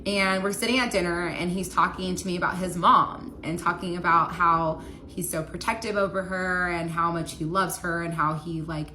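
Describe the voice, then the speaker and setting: A woman's voice: on the low side, pushed and bright, a little hiss or hum. A young woman casually telling a personal story, peppering her speech with "like" as she talks. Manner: casual, heavy use of "like" fillers.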